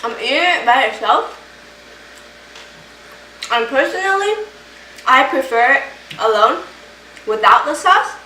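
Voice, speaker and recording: A woman's voice: high voice, animated, normal speed, pushed and bright, reverberant, recorded from a distance, a little hiss or hum, poor audio. A woman chatting casually in a home cooking vlog, enthusiastic as she cooks and tastes her food. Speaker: home cook vlogger. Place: home kitchen.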